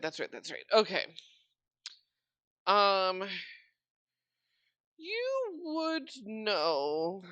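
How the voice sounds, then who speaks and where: Slow, halting woman game master. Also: mid-range voice, bright, forceful tone, no room sound. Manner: slow, halting narration with many fillers. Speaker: dungeon master. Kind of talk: narrating a tabletop game.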